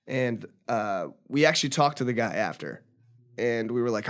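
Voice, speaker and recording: A man's voice: medium pitch, expressive, normal speed, fairly bright tone. A young man telling a story casually as a podcast guest, rambling with lots of fillers and restarts. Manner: rambling, filler-heavy retelling with frequent restarts.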